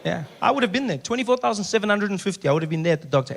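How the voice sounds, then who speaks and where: A man with a South African accent doing a stand-up routine on a theater stage, animated and quick to act out other voices. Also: gravelly. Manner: animated, acts out voices with big pitch jumps. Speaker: stand-up comedian. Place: theater stage before a live audience. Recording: large hall reverb, audience noise.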